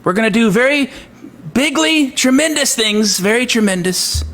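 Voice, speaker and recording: A man's voice: extremely high pitch, expressive, normal speed, a bit bright, pitched above the performer's own voice. A man doing a boastful politician impression. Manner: bragging, repetitive superlatives.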